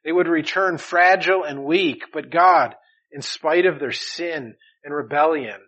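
A man delivering a sermon with a slightly higher-than-usual voice. He preaches earnestly, pressing louder on key phrases and then dropping softly as his lines close. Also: a little slow, low-quality recording. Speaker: pastor.

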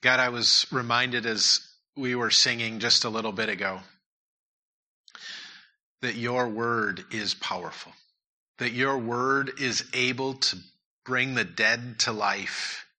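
A man's voice: medium pitch, fairly even intonation, takes it slowly, pauses often, bright, forceful tone. A man preaching a sermon and leading prayer in a church, earnest and repeating his key points. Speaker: pastor.

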